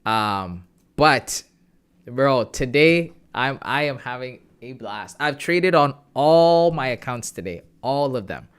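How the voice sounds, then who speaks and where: Young man, livestream host, excited casual chat, greets viewers, chatty. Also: medium pitch, slow pace, clean tone.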